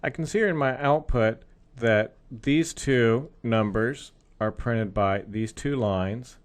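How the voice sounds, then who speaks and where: A man's voice: medium pitch, slow pace. A male programming instructor explaining code step by step in a recorded screencast lesson.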